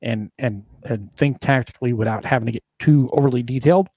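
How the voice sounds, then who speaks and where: A man co-hosts a relaxed gaming chat, rambling through thoughts with ums and restarts. His voice sits at a middling pitch. The sound is close and dry. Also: fairly quick, slightly rough, dry recording. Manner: chatty, rambling with fillers and restarts. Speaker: co-host reading live chat. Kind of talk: casual chat.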